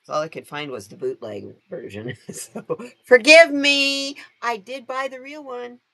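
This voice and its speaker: A tarot reader hosts a live stream, chatting casually with viewers in an animated, talkative way. She laughs often and greets viewers by name, her voice on the high side, creaky, and unhurried.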